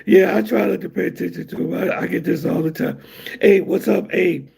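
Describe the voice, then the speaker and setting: A man hosting a casual livestream, answering chat in a weak, raspy, breathy voice, rambling with many fillers. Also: high voice, fairly even intonation, fairly quick, darkish tone. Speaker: livestream host reading chat.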